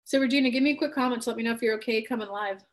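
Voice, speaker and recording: A woman's voice: fairly high pitch, racing. A woman life coach on a live stream, answering viewers by name and speaking bluntly and earnestly, with casual swearing.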